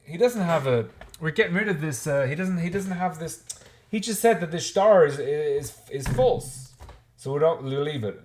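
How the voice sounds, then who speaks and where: A man's voice: fairly high pitch, animated, a little fast. A man giving an informal Talmud class, thinking aloud with frequent restarts and working Hebrew and Aramaic terms into his explanations. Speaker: Talmud teacher.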